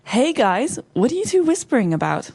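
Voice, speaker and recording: A woman's voice: high voice, sing-song, normal speed, gravelly, darkish tone, slightly rough, exaggerated voice. A woman voicing a cheerful young female office worker in a scripted lesson dialogue, bubbly and upbeat.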